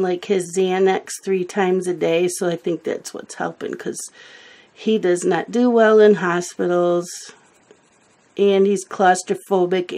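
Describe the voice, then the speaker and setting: A woman's voice: fairly low pitch, darkish tone. A woman telling a rambling family story in casual chat while she colors, sometimes losing her words. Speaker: coloring video host.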